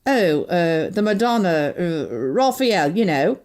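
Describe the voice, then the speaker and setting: A woman's voice: lowish voice, sing-song, slow pace, darkish tone. A woman doing a flustered stammering secretary. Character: nervous, evasive male private secretary.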